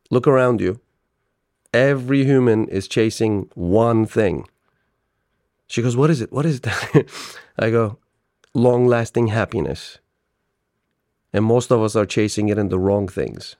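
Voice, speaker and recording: A man guest on a podcast interview, telling stories with lively acted-out dialogue and frequent laughter. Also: on the low side, dry recording, studio quality. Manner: animated storyteller, laughs often, acts out dialogue. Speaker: business owner guest.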